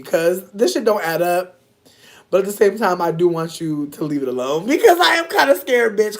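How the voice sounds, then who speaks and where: A woman in casual livestream chat, speaking. Her pitch swings widely, and she talks in a slangy, profane way. Now and then she bursts into loud, laughing shouts. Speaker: livestream host reacting to chat.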